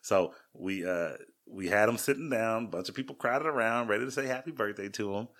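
A man's voice: on the low side, a little fast, a bit bright. A man in his thirties, a podcast co-host, telling self-deprecating stories in a rambling casual way with lots of restarts. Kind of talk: casual storytelling chat.

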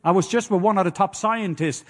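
A man's voice: sits high, fairly quick, a bit bright. A man with a Norwegian accent preaching a sermon, telling stories and joking with the congregation. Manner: storytelling, playful asides to the congregation.

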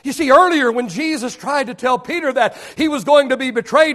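High-pitched preaching pastor, man. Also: brisk, hardly any pauses. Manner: preaching with rising shouts and sudden hushed drops; repeats rhetorical questions. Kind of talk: sermon.

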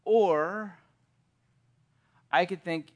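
A man's voice: high-pitched, extremely slow. A man preaching a sermon in an earnest, emphatic way, telling vivid stories.

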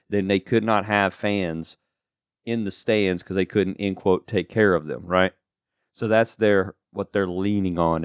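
A man's voice: sits low, no echo, studio quality. A man co-hosting a casual podcast chat, rambling with lots of asides and fillers. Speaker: podcast co-host.

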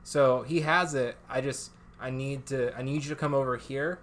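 A man's voice: mid-range voice, fairly even intonation, normal speed, fairly bright tone, a little hiss or hum, lightly acted. A man voicing a simple young male townsperson in a comedic tabletop game, talking in an earnest, fumbling, pleading way.

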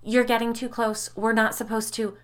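A woman's voice: on the high side, level tone, normal speed, voice pushed up, close to an everyday voice. A woman voicing an uneasy friend who speaks urgently and insistently.

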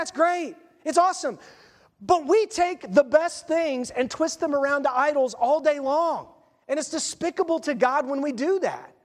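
Male preacher, very high-pitched, chatty and needling, sermon recorded in an echoing sanctuary. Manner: animated, conversational, sarcastic rhetorical questions. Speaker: pastor. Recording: long reverb of a church hall.

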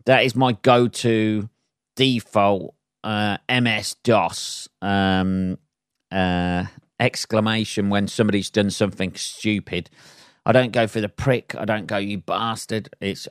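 Male comic host, rambling and foul-mouthed, clear voice on a dry close mic. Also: fairly low pitch, takes it slowly, fairly bright tone, dry recording. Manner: sweary, rambling, laughs at own jokes. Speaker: podcast host and stand-up comedian. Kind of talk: casual solo podcast rant.

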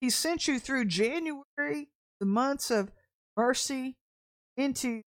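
A middle-aged woman streaming her prophetic teaching to her viewers. She speaks bluntly and with animation, often doubling her phrases for emphasis, in a voice that sits somewhat high. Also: slow pace. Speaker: prophetic podcast host.

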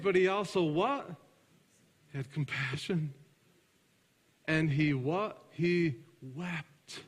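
A man preaching a sermon, alternating between loud emphatic passages and hushed, soft ones, and putting questions to his congregation that he answers himself. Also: a little high, slow pace, long pauses, breathy edge. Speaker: pastor. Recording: reverberant large room.

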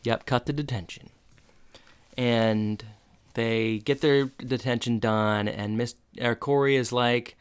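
A man's voice: mid-range voice, steady tone, unhurried, smooth. A man casually recapping a TV episode with a co-host, retelling scenes and quoting the characters in his own voice. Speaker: podcast co-host.

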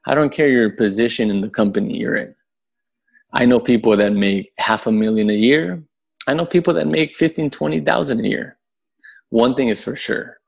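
A man, a podcast guest who tells a story in a casual, animated way, swearing freely and acting out the voices of the people in it. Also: medium pitch, normal speed, creaky, breathy edge. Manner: animated, profane, acts out voices in his story.

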